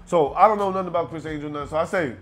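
A man's voice: fairly high pitch, rapid-fire, soft background music. A man from Brooklyn with a Brooklyn accent, a rapper telling a story as a guest and acting out the other people in it. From Brooklyn, New York. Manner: animated, acts out the other people in his story, keeps asking "you know what I'm saying". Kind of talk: storytelling in a casual interview.

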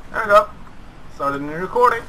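Excitable young man commentating a game. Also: high voice, fairly quick, slight background noise, rough recording. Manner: excitable, swearing, yells at the bots. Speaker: gaming channel host. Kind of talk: gameplay commentary.

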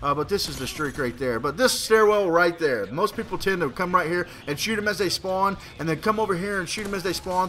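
A young man giving rambling, excitable commentary over his own gameplay, swearing freely and now and then bursting into a shout. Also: sits high, slight background noise.

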